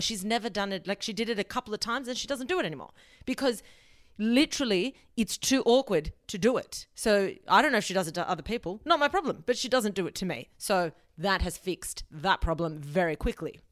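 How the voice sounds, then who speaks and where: A woman's voice: medium pitch, lively intonation, fairly quick, dry recording, studio quality. A young woman hosting a solo advice podcast, talking bluntly and emphatically and swearing casually. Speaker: podcast host.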